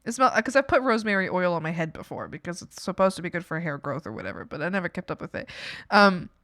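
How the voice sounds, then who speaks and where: A woman's voice: on the low side, lively intonation, quick pace, a bit bright, dry recording, studio quality. A young woman from Canada chatting casually on a stream, rambling and swearing with many fillers. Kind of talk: casual chat.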